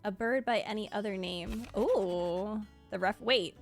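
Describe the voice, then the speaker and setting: A woman's voice: mid-range voice, a little slow, gravelly, hardly any pauses. A woman streaming a video game, chatting casually and gushing, with lots of "like" fillers. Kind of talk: casual live-stream chat. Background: faint game music.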